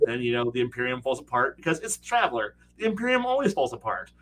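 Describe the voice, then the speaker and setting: A middle-aged man chatting casually about tabletop gaming, animated and profane, often acting out players' lines. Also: mid-range voice, fast talker, few pauses. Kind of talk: casual streamed chat.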